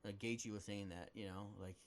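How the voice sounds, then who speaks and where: A man with a fairly low voice co-hosting a casual podcast chat. He talks in an easygoing, agreeable way. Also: fairly even intonation, normal speed. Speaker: podcast co-host.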